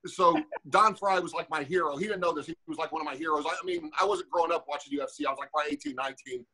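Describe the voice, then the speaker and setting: On a podcast, a former fighter in his forties tells a rambling, profane story, animatedly acting out the voices of the people involved. His voice is husky, fairly high and rapid-fire, and the recording is rough.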